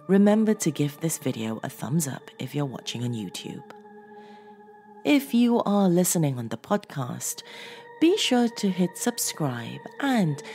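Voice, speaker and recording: A woman narrating a horror story in a slow, dramatic storytelling manner as host of her own show. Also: deep voice, mellow. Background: faint music.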